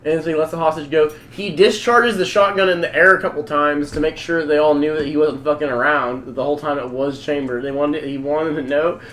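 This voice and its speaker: A man hosting a podcast, telling a story in casual chat, profane, rambling and excitable. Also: a little high, brisk, hardly any pauses, a little hiss or hum. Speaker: podcast host.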